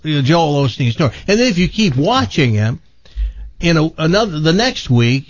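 A man's voice: on the high side, very animated, normal speed, no room sound, highs cut off. A man hosting a talk show, telling a story in a rambling, chatty way with lots of restarts and asides. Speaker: host. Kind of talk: casual talk show monologue.

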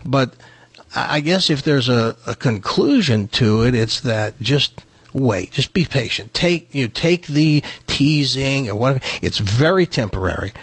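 A man's voice: medium pitch, a little slow, husky, no room sound. A man from Tennessee hosting a radio talk show, telling a personal story and acting out the voices in it. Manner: animated storyteller acting out quoted dialogue. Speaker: radio host.

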